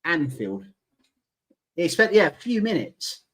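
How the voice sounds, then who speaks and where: A man's voice: on the high side, sing-song, a little slow, a bit bright. A man in his thirties co-hosting a casual live-stream chat, playful and teasing. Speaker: co-host.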